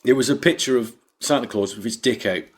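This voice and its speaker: A man's voice: mid-range voice, fairly quick, husky. A man co-hosting a comedy podcast, rambling casually and swearing freely as he laughs along. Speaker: podcast co-host.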